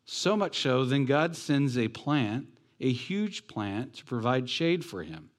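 A man's voice: medium pitch, very animated, slow. Conversational male pastor preaching. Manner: conversational, joking asides, rhetorical questions. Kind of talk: sermon.

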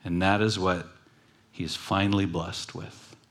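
A man delivers a sermon like a relaxed retelling, dropping jokey asides. His voice sits a little low. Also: measured pace. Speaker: preacher. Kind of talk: casual sermon storytelling.

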